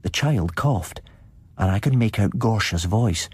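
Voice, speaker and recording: Low, husky male storyteller. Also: animated, measured pace, darkish tone, dry recording. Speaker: podcast host and story reader. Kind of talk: dramatic storytelling narration.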